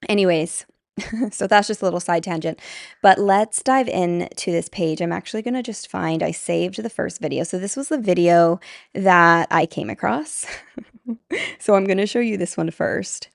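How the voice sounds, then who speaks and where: An earnest woman vlogger talking candidly to her viewers, with a slightly low voice. She speaks conversationally, with plenty of fillers and laughs. The sound is dry and close. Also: moderate pace, vocal fry, dry recording. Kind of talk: candid commentary to camera.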